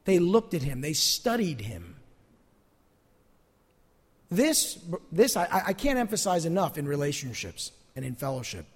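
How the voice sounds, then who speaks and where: Earnest male preacher, high voice, echoey church hall. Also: unhurried, long pauses, husky. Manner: earnest, animated preaching with emphatic repetitions. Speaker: pastor. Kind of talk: sermon.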